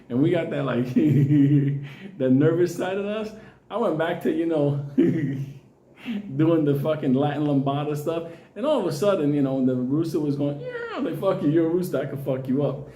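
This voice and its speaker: A man's voice: fairly high pitch, moderate pace, reverberant. Profane Puerto Rican man telling a story. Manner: profane, laughing, animated storytelling. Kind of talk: casual storytelling.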